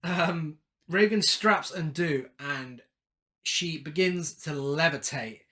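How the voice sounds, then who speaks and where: Bright-voiced man recapping a film. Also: a little high, slow. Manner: recaps the plot, then breaks into laughing asides. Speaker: podcast co-host. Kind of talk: casual film chat with plot recap.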